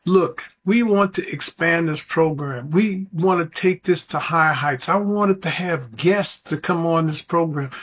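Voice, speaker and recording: A high-pitched man delivers a sermon on the radio. He preaches earnestly and often pleads with his listeners. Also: fairly bright tone.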